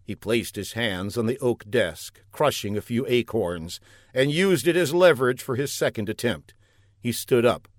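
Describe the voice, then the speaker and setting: Deadpan man reading a comic story. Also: mid-range voice, no echo, studio quality. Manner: deadpan, playful wordplay. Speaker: narrator. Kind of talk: comic audiobook narration.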